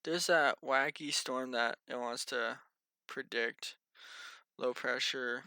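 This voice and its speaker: A man's voice: mid-range voice, steady tone, slow, bright, forceful tone, clean tone, no room sound. A tired, yawning man giving a casual, rambling weather briefing and muttering to himself as he thinks aloud. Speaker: amateur weather vlogger.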